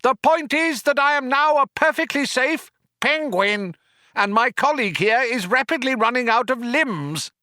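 A man voicing an indignant figure who has been turned into a penguin, shouting high and sharp in an audiobook. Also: wildly swooping pitch, brisk, hardly any pauses, no room sound, studio quality, full character voice.

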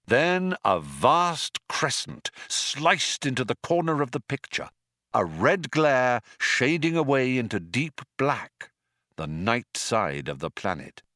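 A man narrates an audiobook slowly and deliberately, his pitch swooping widely for wry effect. The sound is close and completely dry, with no room around it. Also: very animated, pushed and bright, no room sound.

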